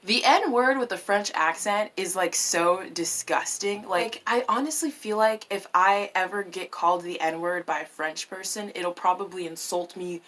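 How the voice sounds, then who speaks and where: A woman vlogging in a casual, animated way, swearing freely and tossing in French words. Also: lowish voice, unhurried, hardly any pauses. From United States. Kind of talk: casual opinion vlog.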